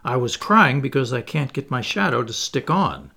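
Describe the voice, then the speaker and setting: Brief: proud, sharp-tongued boy in a storybook reading, lifted pitch, husky, voiced by a male reader. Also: expressive, normal speed, exaggerated voice. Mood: indignant. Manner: sharp, indignant, cocky. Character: boastful proud young boy who won't grow up.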